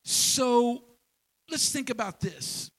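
A man preaching a sermon in a church, folksy and animated, with homespun examples and repeated phrases. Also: extremely high pitch, takes it slowly, low-quality recording. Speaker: pastor.

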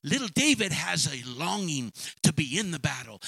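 Gravelly, animated preaching man. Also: a little high, moderate pace, few pauses, no room sound, poor audio. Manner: dramatic retelling with acted asides, stammering restarts. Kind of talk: sermon.

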